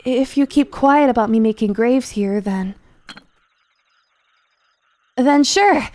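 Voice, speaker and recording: A woman's voice: on the high side, slow pace, a little mellow, dry recording. A woman voicing an earnest boy gravekeeper.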